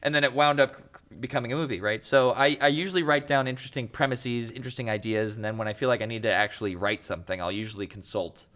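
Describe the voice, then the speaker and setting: A young man, a filmmaker, chatting as a podcast guest, telling animated stories with laughs and acted-out voices. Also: medium pitch, fast talker, hardly any pauses. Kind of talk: casual interview chat.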